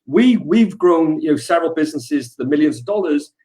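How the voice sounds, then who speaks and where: A man in his thirties giving a guest talk on a webinar, casual and energetic, hyping up the audience. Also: a little high, brisk. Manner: energetic, hype-building. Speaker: guest speaker.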